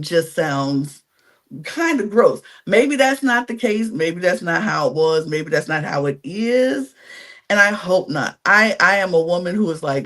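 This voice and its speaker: A woman, co-hosting a podcast in casual chat, opinionated and animated as she acts out what people said. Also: fairly low pitch, measured pace. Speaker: podcast co-host.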